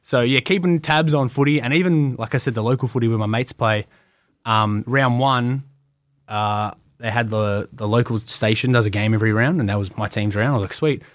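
A man's voice: medium pitch, steady tone, dry recording. A young Australian man, a wrestler, telling stories in a casual podcast interview and acting out what others said. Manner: quick storytelling, acts out voices of others. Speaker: guest wrestler.

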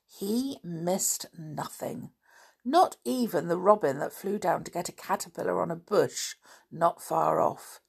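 A woman narrating a children's storybook in a calm, unhurried reading. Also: lowish voice, vocal fry, breathy edge.

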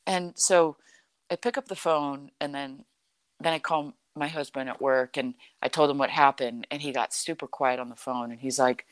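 A middle-aged woman telling a personal story in a conversation, animated and full of "like" and "you know". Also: a bass voice, moderate pace, no echo. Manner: animated, acts out quoted dialogue, frequent "like" and "you know".

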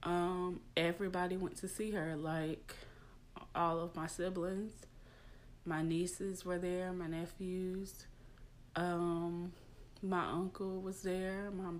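On her personal podcast, a young woman talks in a confiding, emotional way, leaning heavily on fillers. Her voice sits low and level, her pace is slow, and a faint hiss or hum runs under the recording.

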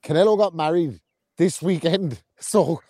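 A man's voice: a little high, unhurried, warm tone, no echo, studio quality. A man co-hosting a casual podcast, telling sweary stories through laughter. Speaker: podcast co-host.

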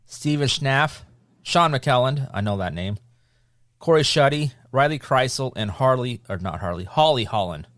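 Brisk man leading a casual chat. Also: medium pitch, lively intonation, a bit bright, no echo, studio quality. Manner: brisk, leads the talk, reads out lists. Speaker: podcast host.

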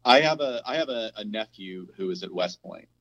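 A man's voice: lowish voice, expressive, moderate pace, fairly bright tone, lo-fi sound. A man co-hosting a casual discussion podcast, thinking aloud with frequent restarts as he builds his point. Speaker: podcast co-host.

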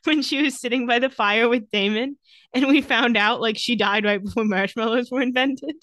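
A woman's voice: fairly high pitch, moderate pace, a bit bright, dry recording. A woman co-hosting a podcast, recapping episodes in casual chat and acting out lines with jokes. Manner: recaps scenes, acts out quotes with jokes. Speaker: podcast co-host.

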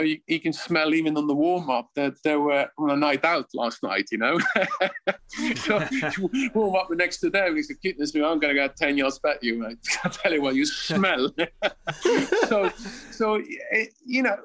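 A man's voice: on the high side, animated, measured pace, fairly bright tone, a little hiss or hum, low-quality recording. A Swiss-accented man in his fifties, a former footballer telling stories as an interview guest, chuckling and restarting his sentences. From Switzerland. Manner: chuckles often, rambling restarts. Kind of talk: casual storytelling.

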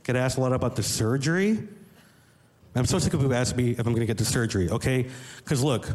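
A woman performing a deadpan, self-deprecating stand-up set on a comedy stage, speaking into a handheld mic before a live audience. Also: extremely low pitch, fast talker. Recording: live club with crowd and noise.

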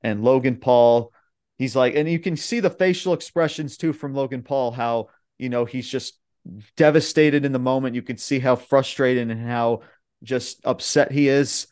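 A man's voice: mid-range voice, moderate pace, darkish tone, clear, resonant tone. A young man hosting a podcast, recapping wrestling matches in a rambling, casual way with lots of fillers and swearing. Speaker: podcast host.

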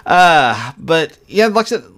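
A man's voice: on the high side, sing-song, takes it slowly, fairly bright tone. A man co-hosting a podcast in a casual chat about a TV episode, often stumbling and repeating words as he restarts his sentences. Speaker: podcast co-host.

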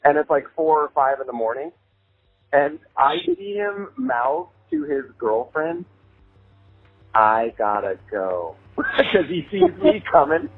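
A man telling a story in a casual, animated way, laughing as he goes and swearing freely. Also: fairly high pitch, unhurried, gravelly. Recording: tinny phone-like sound with faint music.

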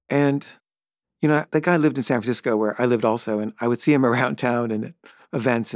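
A middle-aged man tells a story off the cuff at an ordinary, mid-range pitch. His talk wanders, packed with "like" and "kinda", and he stumbles over his own words when flustered. The sound is close and dry, with no room around it. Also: a little fast, dry recording. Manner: loose and rambling, full of "like" and "kinda"; stammers and repeats himself when flustered. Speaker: filmmaker. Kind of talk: casual spoken anecdote.

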